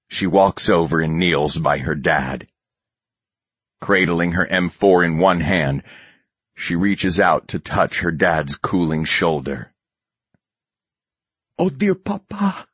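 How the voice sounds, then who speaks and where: A man reading a war novel aloud as an audiobook narrator, in steady, measured scripted narration. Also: deep voice, breathy edge, no room sound, lo-fi sound.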